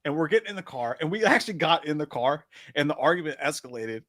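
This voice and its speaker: A man with a bright, slightly high voice that jumps up and down as he tells a story, quick to laugh and easily excited. The recording is dry and close to the mic. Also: no echo. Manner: lively, laughs often, excitable. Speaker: podcast co-host. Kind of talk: casual storytelling chat.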